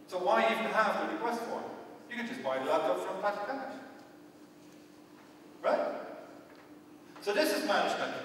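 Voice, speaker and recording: High-voiced Dutch man in an echoey hall. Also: fairly bright tone, distant mic, slight background noise. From Netherlands. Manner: conversational and wry, keeps checking in with the audience. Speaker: conference speaker. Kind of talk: conference talk. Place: large lecture hall.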